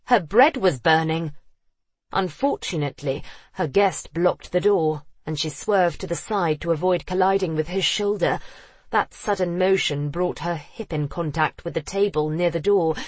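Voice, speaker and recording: An audiobook narrator reading a period romance novel in an expressive, storytelling manner. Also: mid-range voice, slightly rough, dry recording. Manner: expressive, acting out the characters.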